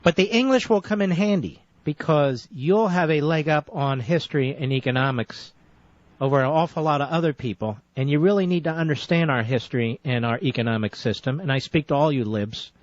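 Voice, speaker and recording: In dry, dull lo-fi radio audio with no echo, a male call-in host argues combatively with a caller, interrupting him and pressing his point insistently. He talks briskly in a fairly high voice.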